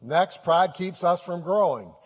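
A man's voice: sits high, animated, a little slow, long reverb tail. A man preaching a sermon in an earnest way, repeating key phrases for emphasis. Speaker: pastor.

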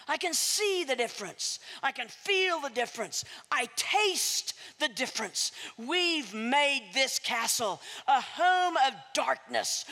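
Woman preacher, high lively voice, dramatic storytelling, long hall echo. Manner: dramatic, swooping delivery with asides. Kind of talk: sermon storytelling.

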